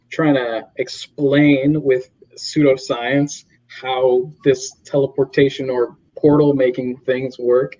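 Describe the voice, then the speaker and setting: A man casually recapping a comic on a podcast, animatedly retelling scenes and acting out characters' lines. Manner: animated retelling, mimics characters with high strained voices. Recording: dull lo-fi recording.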